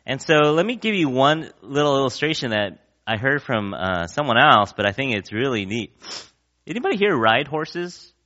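A man's voice: mid-range voice, sing-song, normal speed, bright, forceful tone, dull audio. A man preaching a sermon in a conversational way, often asking the congregation questions. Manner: conversational, asks the crowd questions, acts out quotes. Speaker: pastor.

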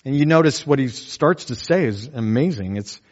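A pastor preaching a sermon in a conversational way, often asking "right?" and acting out quotes. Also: male voice, mid-range voice, animated, normal speed, lo-fi sound.

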